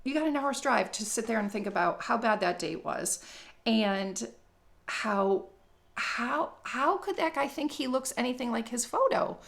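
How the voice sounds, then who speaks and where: Middle-aged woman, gravelly, slightly high voice, blunt, swearing, rambling comic vlogger. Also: animated, unhurried. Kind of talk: casual comedic monologue.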